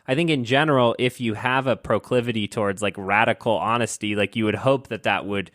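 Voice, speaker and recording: A man's voice: fairly low pitch, a little fast, fairly bright tone, dry recording, clean studio sound. Rambling self-deprecating podcast man. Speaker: podcast co-host. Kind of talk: casual chat.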